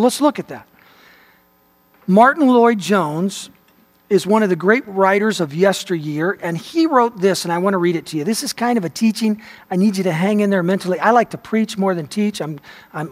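A man with a high voice delivers a sermon, reading quotations with emphatic stress. His voice rings with the long reverb of a large hall. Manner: preacherly, reads quotations aloud with emphasis. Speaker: pastor. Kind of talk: sermon teaching.

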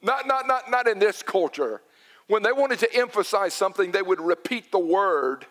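A man's voice: high voice, expressive, normal speed, a bit bright. A middle-aged man preaching a sermon, emphatic, often repeating his words for stress. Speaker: pastor. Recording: long hall reverb.

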